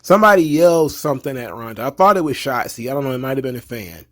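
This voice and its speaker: A man's voice: medium pitch, fast. A man giving a casual, opinionated recap of a wrestling show as the channel's host. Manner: chatty, opinionated, slips into animated impressions of fans.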